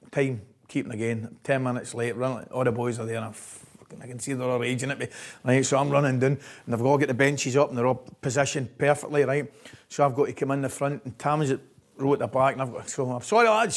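A Scottish man, a former football coach, recounting old stories in an interview. He tells them in a lively way, laughs as he goes, and keeps asking "right?". His voice sits in a middle pitch. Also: a little fast. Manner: lively storyteller, laughs often, says "right?" constantly. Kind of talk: anecdotal interview chat.

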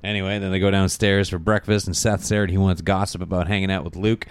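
A man's voice: low voice, little pitch movement, quick pace, clear, resonant tone, dry recording. A man hosting a podcast, casually recapping a TV episode in a rambling, profane way. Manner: rambling, profane, laughs a lot. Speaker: podcast host.

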